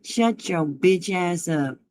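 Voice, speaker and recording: Woman streamer, mocking and foul-mouthed, unhurried delivery. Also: fairly low pitch, animated, darkish tone. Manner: taunting, profane, mocking. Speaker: livestream host. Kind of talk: heated livestream argument.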